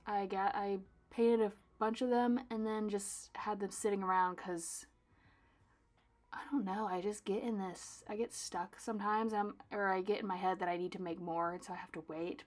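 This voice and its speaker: A young woman artist chatting casually while she packs her own orders, dramatic and self-mocking, swinging between loud bursts and soft asides. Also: mid-range voice, fairly even intonation, normal speed. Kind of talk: casual vlog chat.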